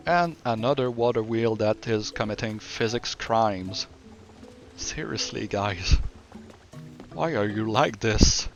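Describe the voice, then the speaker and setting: Slow-talking French-Canadian man. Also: on the low side, soft background music. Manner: relaxed, rambling, self-correcting. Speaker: streamer. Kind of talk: casual game walkthrough commentary.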